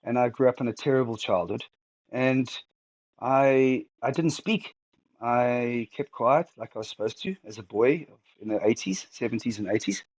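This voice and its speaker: A middle-aged man speaks candidly as an interview guest, halting and emotional, near tears and often restarting sentences. His voice is mid-range, and the recording is dry and lo-fi.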